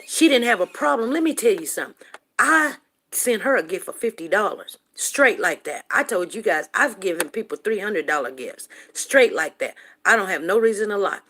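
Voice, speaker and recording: A woman hosting a livestream show, telling a story to her viewers in an animated, emphatic way and calling them honey. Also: mid-range voice, moderate pace, a little hiss or hum. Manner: animated, emphatic, calls listeners "honey" and "you guys".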